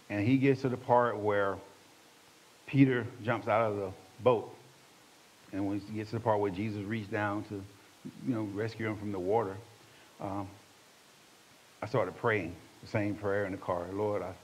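An older man giving an emotional spoken testimony, telling his story dramatically as he swings between hushed and loud passages. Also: fairly low pitch, slight background noise. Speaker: testimony speaker. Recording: dull lo-fi recording.

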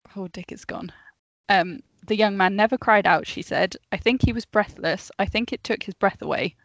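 A woman's voice: medium pitch, normal speed, fairly bright tone, no room sound, lo-fi sound. A woman co-hosting a casual podcast, telling a story from her notes with chatty asides and frequent laughs. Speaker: podcast co-host.

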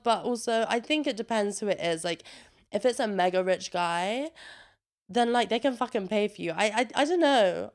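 A young woman vlogger chats casually, swearing freely and saying "like" constantly, sounding a little congested. Her voice is slightly high with a moderate pace, recorded on her own mic with a noise gate.

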